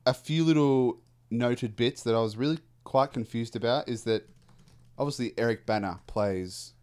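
A man's voice: mid-range voice, moderate pace, darkish tone, smooth. A man, co-hosting a casual film review chat and rambling through his thoughts with restarts and fillers. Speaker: podcast co-host.

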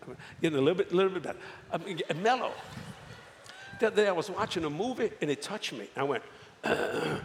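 An older man preaching a storytelling sermon, folksy and animated, acting out the voices of the people in his tales. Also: high voice, fast, slight background noise. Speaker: evangelist. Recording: echoey hall with faint ambience.

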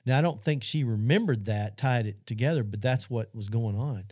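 Middle-aged man, Christian talk host, earnest storyteller, warm low tone, dry close sound. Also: normal speed, dry recording. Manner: earnest storytelling, addresses audience. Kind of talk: Christian talk show testimony.

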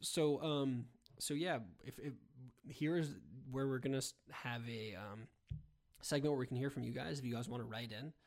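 A man's voice: medium pitch, moderate pace, a little mellow. A man co-hosting a casual sports podcast, earnest and folksy. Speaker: podcast co-host.

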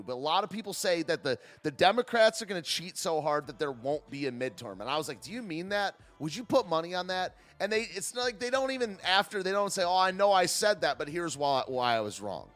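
Animated sarcastic male livestream host. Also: fairly high pitch. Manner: sarcastic, laughs often, reads chat aloud. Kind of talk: casual livestream commentary.

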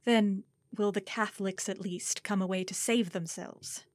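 A woman's voice: mid-range voice, steady tone, measured pace, no room sound, lightly acted. Woman voicing a grave bishop. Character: grave older male bishop.

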